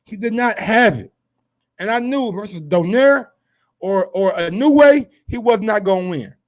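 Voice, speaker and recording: A man hosting a casual sports commentary show, brash and profane, swinging from low asides to loud heated rants. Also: animated, a little slow.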